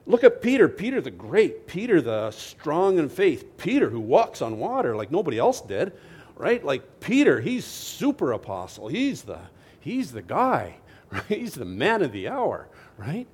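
A man preaching a sermon as a lively storyteller, swinging from loud to hushed and often asking his listeners "right?". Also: fairly high pitch, unhurried, breathy edge. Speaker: pastor.

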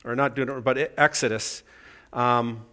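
Fairly quick and fairly even in intonation, this middle-aged man from Canada preaches in a mid-range voice that sounds pushed and bright. He keeps the sermon conversational and self-deprecating, telling stories and performing their voices.

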